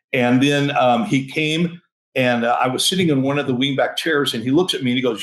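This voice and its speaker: A man in his sixties, a senior pastor, telling a story in an interview, animated, chuckling and restarting often. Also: medium pitch, fast talker, poor audio.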